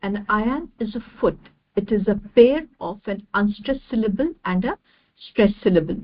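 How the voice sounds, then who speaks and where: A woman giving an online lecture over slides, measured and repeating each definition step by step. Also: mid-range voice, expressive, muffled recording.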